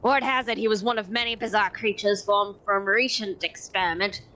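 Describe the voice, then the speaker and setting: A woman's voice: medium pitch, fairly even intonation, brisk, bright, forceful tone, natural voice. A woman voicing a cheerful, offhand male arena manager in a breezy, matter-of-fact way while reading game dialogue aloud.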